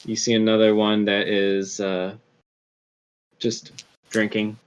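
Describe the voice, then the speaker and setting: A man narrating as game master of a tabletop game, unhurried and hesitant, with many fillers. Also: lowish voice, monotone, clean tone. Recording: slightly dull lo-fi audio.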